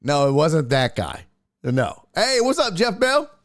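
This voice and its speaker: Lively, unhurried man hosting a stream. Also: a little high, no echo, studio quality. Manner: animated, jokey, reads viewer chat aloud. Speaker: sports and entertainment show host. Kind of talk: casual livestream storytelling.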